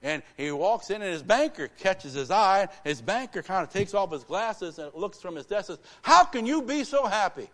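A male pastor delivering a live church sermon with emphatic repetition, swinging from hushed lines to rousing ones. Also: high-pitched, animated, normal speed, few pauses. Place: church sanctuary.

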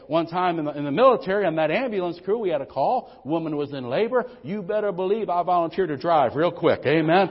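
A middle-aged man, preaching a folksy, humorous sermon full of "amen"s. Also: a little high. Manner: folksy, exclaims amen often, storytelling with humor. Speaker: pastor. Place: church sanctuary. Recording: dull lo-fi church recording with long reverb.

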